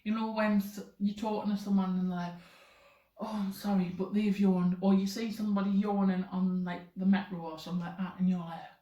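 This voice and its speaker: A woman's voice: mid-range voice, level tone, a little fast, few pauses, warm tone, muffled recording. A young woman talking casually to camera, rambling with lots of fillers. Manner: rambling, filler-heavy, chatty. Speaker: vlogger. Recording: roomy echoey room.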